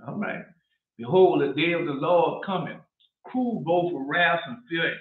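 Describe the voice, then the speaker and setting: A man's voice: a little high, a little slow. Male street preacher, scolding scripture commentary, roomy lo-fi sound. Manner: preachy, mocking, rising to shouts. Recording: echoey lo-fi phone-like audio.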